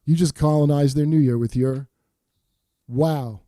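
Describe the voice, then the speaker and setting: A man's voice: on the high side, fairly even intonation, a little slow, dark tone, no room sound, studio quality. A man hosting a podcast, trading wry, teasing banter in casual chat. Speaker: podcast host.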